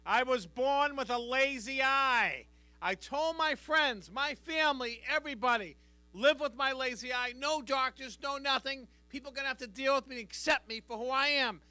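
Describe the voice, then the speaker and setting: A man's voice: extremely high pitch, bright, forceful tone, dry recording. A middle-aged man doing a stand-up comedy routine on a live stage, working the crowd with a brash, punchy delivery. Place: live stage before an audience.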